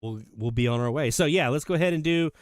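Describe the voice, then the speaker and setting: A man hosting a live radio hobby show, chatting casually and enthusiastically as he reads out listener shoutouts. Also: mid-range voice, quick pace, dry recording, clean studio sound. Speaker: host of a radio hobby livestream.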